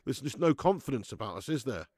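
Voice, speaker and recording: A man's voice: medium pitch, big pitch swings, fast, darkish tone, no echo, clean studio sound. A young man hosting a live football watch-along, swinging between deflated muttering and swearing rants. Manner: swearing, ranting fan commentary. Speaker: fan watch-along host.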